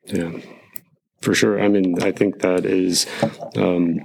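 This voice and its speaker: Podcast cohost dude, low-ish voice, chatty and animated, tells stories. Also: male voice, takes it slowly, gravelly, noisy background. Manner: animated storytelling, acts out quotes. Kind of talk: casual faith podcast chat.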